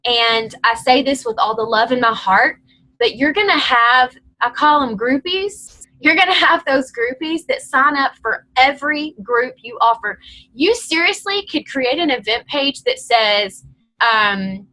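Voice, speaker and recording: A woman's voice: sits high, lively intonation, unhurried, sharp tone, low-quality recording. A woman leading a team call, coaching her team in a direct, encouraging, chatty way.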